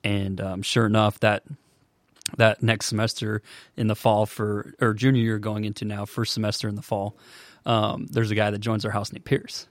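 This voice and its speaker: An earnest young man in his twenties tells his story as a podcast guest. He speaks in a low, flat voice that keeps to a narrow range. He often stops and restarts, and the sound is dry and close. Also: dry recording. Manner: earnest, halting, many restarts. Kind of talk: casual storytelling.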